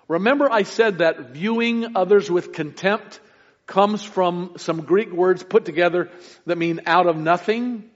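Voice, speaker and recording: Male pastor, sermon delivery, earnest with emphatic peaks, slightly high voice, dull lo-fi recording. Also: big-room sound. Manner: earnest preaching with sudden emphatic rises; stumbles and restarts between points. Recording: muffled lo-fi recording.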